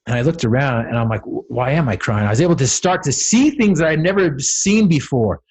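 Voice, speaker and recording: Husky man telling a dramatic story. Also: on the high side, expressive, fairly quick, darkish tone. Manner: dramatic storytelling, builds to emphatic peaks. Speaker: podcast guest, motivational speaker. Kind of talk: storytelling on a podcast.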